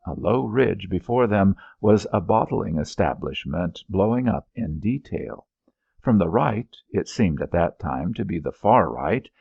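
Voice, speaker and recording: A man reads a war story in a deep, gravelly, husky voice, rising and falling widely. His delivery is measured and expressive. The recording is dry and slightly dull and lo-fi. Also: dry recording. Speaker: audiobook narrator. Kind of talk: audiobook narration.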